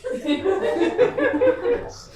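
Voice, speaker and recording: A middle-aged woman hosting and doing brash, conversational stand-up comedy, teasing the crowd, in a comedy club recorded from a distant mic with a loud audience. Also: very high-pitched, animated, drawn-out words, echoey room.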